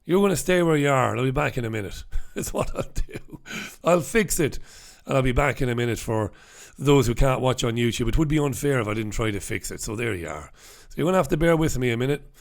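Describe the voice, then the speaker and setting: A man's voice: mid-range voice, expressive, brisk, vocal fry. A middle-aged man hosting a casual live stream from a home studio, chatty and self-mocking. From Ireland. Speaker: host.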